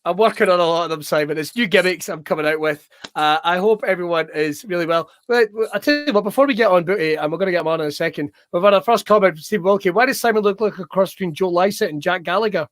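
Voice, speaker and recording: A man hosting a comedic wrestling show, excitable, sweary and full of jokes. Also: sits high, quick pace, few pauses, no room sound. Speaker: show host.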